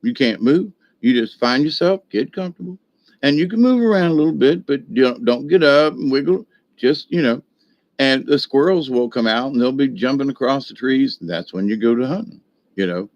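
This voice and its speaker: A man's voice: mid-range voice, expressive, brisk, darkish tone, no room sound, highs cut off. An older man telling a long, rambling folksy story, full of restarts and fillers. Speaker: video host.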